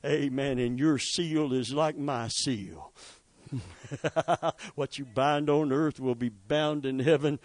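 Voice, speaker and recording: A man preaching a sermon, swinging from quiet storytelling to loud rising exhortation with asides to the congregation. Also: mid-range voice, takes it slowly, no echo. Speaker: pastor.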